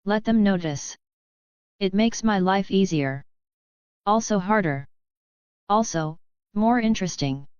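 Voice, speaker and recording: A woman's voice: medium pitch, lively intonation, slow, long pauses, darkish tone, clear, resonant tone, no room sound, lo-fi sound. A woman reading an audiobook, voicing a confident, joking young man who commands soldiers. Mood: breezy. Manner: dry, joking, breezy.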